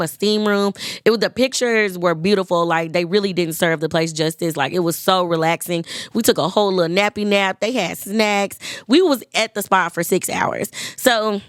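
A woman in her twenties hosting a podcast, chatting casually and lively, talking straight to listeners. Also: on the low side, no room sound, studio quality. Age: 20s. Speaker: podcast host. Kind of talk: casual chat.

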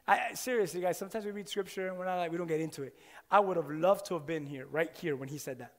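A man preaching a sermon in an animated way, firing rhetorical questions at his listeners. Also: a little high, fairly quick. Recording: long hall reverb.

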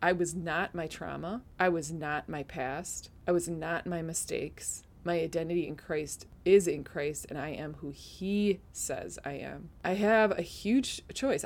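This podcast host has a deep voice and talks a little slowly. She earnestly shares her faith testimony, at times teary-eyed and at times laughing at herself.

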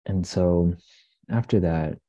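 A young man and coffee shop owner, telling stories in a relaxed, rambling way with many fillers and restarts. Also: sits low, slow pace, dry recording, highs cut off. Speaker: guest, coffee business owner. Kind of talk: casual interview storytelling.

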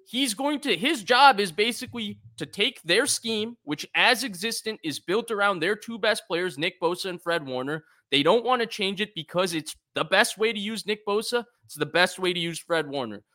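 A man's voice: high voice, pushed and bright. A man co-hosting a sports talk show, laying out his arguments point by point in an analytical way. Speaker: co-host, football analyst.

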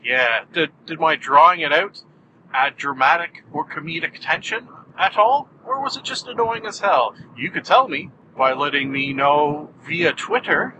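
A male podcast host talking while he drives, rambling and poking fun at himself. His voice is bright and sits fairly high. A faint hum of the vehicle runs underneath. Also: animated, a little slow, low-quality recording. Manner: rambling, self-mocking, jokey. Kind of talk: casual rambling monologue. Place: car while driving.

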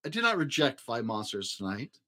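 A man's voice: medium pitch, very animated, brisk, pushed and bright. A man voicing a young boy at bedtime in a storybook, defensive and indignant.

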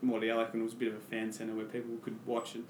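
Animated Australian man telling a story. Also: lowish voice, racing, echoey room, a little hiss or hum. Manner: animated, acts out his own past lines. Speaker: podcast guest. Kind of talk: casual storytelling chat.

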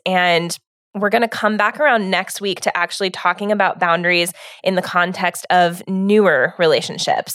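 A woman's voice: fairly low pitch, a bit bright, no room sound, studio quality. A woman co-hosting a relationship podcast, talking in a reflective, casual way and often saying "like". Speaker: podcast co-host. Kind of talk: casual relationship advice talk.

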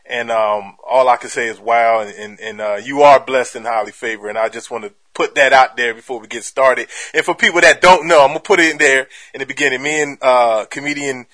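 Comedy podcast host guy, bright tense voice, talks loose with fillers, hypes everybody up. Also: medium pitch, fairly quick, hardly any pauses. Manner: hype-man delivery, heavy fillers. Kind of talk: casual podcast chat.

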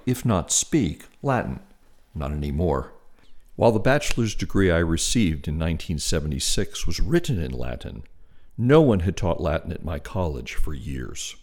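A man in his sixties hosting a podcast, reading a scripted introduction and then interviewing a guest in a measured storytelling manner. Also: sits low, a little mellow. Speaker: podcast host.

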